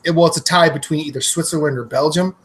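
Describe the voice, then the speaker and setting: Young male co-host, high voice, animated storyteller who laughs a lot. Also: fast, rough recording. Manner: animated, laughing, acts out ad lines. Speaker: podcast co-host. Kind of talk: casual chat.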